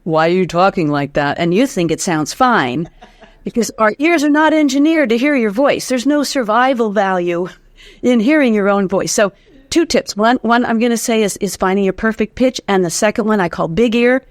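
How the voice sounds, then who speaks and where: A woman's voice: on the high side, expressive, moderate pace, no room sound, studio quality. A woman from the United States, a voice teacher guest in an interview, explaining vocal tips and humming demonstrations, with easy laughs. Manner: demonstrative, hums examples, laughs easily. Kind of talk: instructive interview talk.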